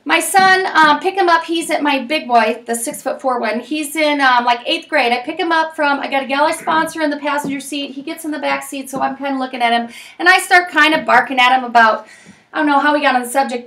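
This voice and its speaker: A woman in her forties leads a parenting class in a classroom. Her voice is high and bright. She talks in a lively, chatty way and tells stories full of fillers and asides. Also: far from the mic. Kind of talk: leading a class discussion.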